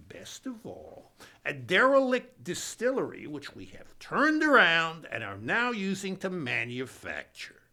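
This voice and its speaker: A man doing a boastful, bombastic comic monologue as a pundit character, swinging between booming lines and hushed asides. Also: creaky.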